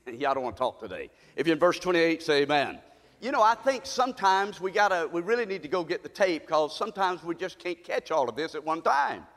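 Animated preaching man in a reverberant church. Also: high voice, fairly quick. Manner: call-and-response preaching, rising to shouts. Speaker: pastor. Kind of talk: sermon. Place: church sanctuary.

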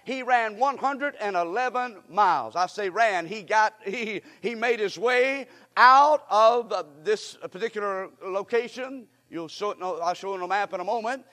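A man's voice: high-pitched, moderate pace, few pauses, bright, forceful tone. A man preaching a sermon who reads scripture and asks rhetorical questions, repeating them and calling on the congregation to respond. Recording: long reverb in a large hall.

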